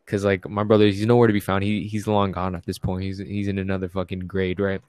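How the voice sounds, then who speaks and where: A man's voice: deep voice, level tone, fast talker, a little mellow, dry recording. A young man telling a rambling, profane, comic story in casual chat.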